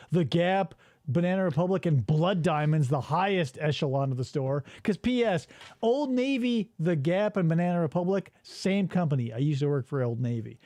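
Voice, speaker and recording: A man's voice: high voice, a little mellow, dry recording. A man hosting a podcast, riffing in casual chat and swearing freely. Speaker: podcast host.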